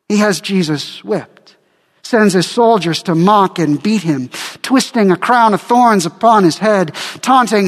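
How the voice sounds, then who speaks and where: Man preaching a sermon, high voice, slow and deliberate, long church echo. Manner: dramatic, acts out quotes. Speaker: pastor.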